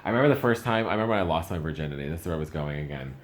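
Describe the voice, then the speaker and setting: Very deep-voiced man doing stand-up. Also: expressive, racing, a little hiss or hum. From Canada. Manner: chatty and self-mocking, voice jumps up for punchlines. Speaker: stand-up comedian. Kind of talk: stand-up comedy set.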